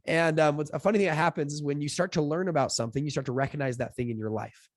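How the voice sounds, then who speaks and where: A man's voice: a little high, fast, no echo, clean studio sound. A young adult man, a podcast guest, casually telling a long personal story with lots of fillers and acted-out quotes. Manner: chatty, filler-heavy, acts out quotes with lively voices. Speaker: podcast guest, fund founder.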